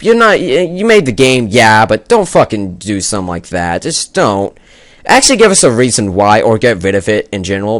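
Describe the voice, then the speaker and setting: A man's voice: mid-range voice, no echo. A young man ranting angrily about a game, swearing a lot and rambling as he argues his point. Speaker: gaming video maker. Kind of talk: angry rant to camera.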